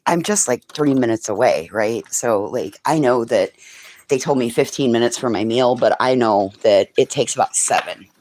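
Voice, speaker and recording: Woman with a really deep low voice, chatty livestream host, swears a lot telling stories. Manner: chatty storytelling, swears freely; coos softly over a child's craft. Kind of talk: casual livestream chat.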